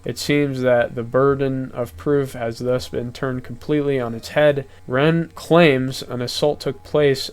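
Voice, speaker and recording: A young man reading a document aloud and reacting to it in casual, heated commentary, swearing and raising his voice. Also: mid-range voice. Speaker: commentary youtuber.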